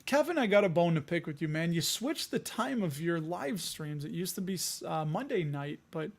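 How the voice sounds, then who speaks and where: A man's voice: a little high, expressive, normal speed, creaky. A man hosting a casual investing livestream, running through news with jokey asides. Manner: chatty, jokey asides while reading news items. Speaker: host of a dividend investing show.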